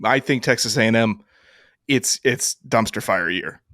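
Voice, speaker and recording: A man's voice: fairly low pitch, moderate pace, pushed and bright, no echo, studio quality. A man co-hosting a sports podcast in casual chat, emphatic and given to repeating himself for effect. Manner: emphatic, repetitive, builds rhetorical lists. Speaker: podcast co-host.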